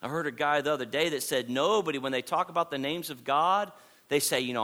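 A man's voice: fairly high pitch, fast, bright, forceful tone. A man preaching a sermon to his congregation, emphatic and repetitive, building points through repeated phrases. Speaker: pastor.

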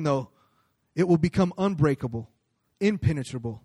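A man's voice: on the high side, moderate pace, a little mellow, dry recording, clean studio sound. A man preaching a sermon in a conversational storytelling way, with fillers and restarts as he recounts a personal story. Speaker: pastor.

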